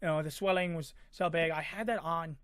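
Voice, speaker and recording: High-voiced man rambling through a story. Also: fairly even intonation, a little fast, a bit bright, dry recording. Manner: rambling, filler-heavy, sound effects. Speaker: vlogger. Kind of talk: casual storytelling.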